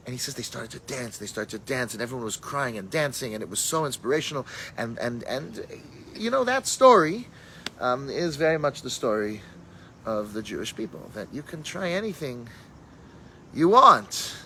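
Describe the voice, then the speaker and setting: Rabbi guy teaching a class, mid-pitch voice, loose storytelling w/ hebrew words, faint rumble behind. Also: expressive, normal speed, pushed and bright, rough recording. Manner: storytelling, with Hebrew and Yiddish terms; thinks aloud with fillers and restarts. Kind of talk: conversational Torah class.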